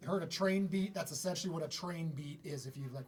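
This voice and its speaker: A man giving a casual drum lesson in a relaxed, conversational way, often pausing to clear his throat. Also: a little hiss or hum. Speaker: drum teacher. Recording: drum kit playing loudly around the talk. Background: snare, bass drum and hi-hat played by the speaker.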